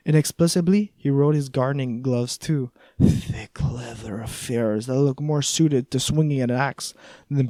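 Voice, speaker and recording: A man's voice: medium pitch, mellow, no echo. A man reading a first-person audiobook in a wry, conversational way. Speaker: audiobook narrator.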